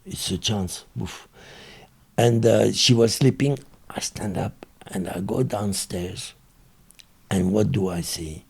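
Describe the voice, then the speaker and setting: A man with a French accent, a guest telling his story in halting, broken English with many fillers. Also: fairly low pitch, gravelly, husky. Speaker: interview guest. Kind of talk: casual storytelling.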